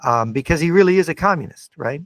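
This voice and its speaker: A man's voice: on the high side, expressive, fast talker, fairly bright tone, no room sound. A man who is a guest on a podcast, debating in a lecturing way and often checking in with "right?". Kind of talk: debate-style conversation.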